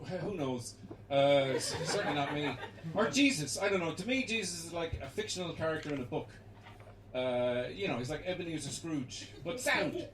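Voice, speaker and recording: A young Irish man doing live stand-up in a small basement comedy room, rambling and chuckling through his jokes with sudden shouted bits. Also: on the high side, expressive, moderate pace. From Ireland. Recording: echoey basement gig, distant mic, loud noise.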